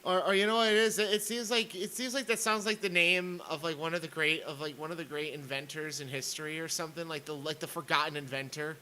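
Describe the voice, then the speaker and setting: A man's voice: fairly high pitch, fairly even intonation, fast talker, hardly any pauses, bright, forceful tone, slight background noise, poor audio. A man streaming a sarcastic rant, stammering and repeating words as he comments on clips.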